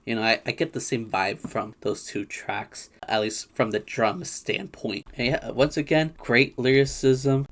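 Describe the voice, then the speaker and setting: A man's voice: mid-range voice, fairly bright tone. An American man hosting a casual album reaction, thinking aloud with small restarts and chuckles. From United States. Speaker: music reaction channel host.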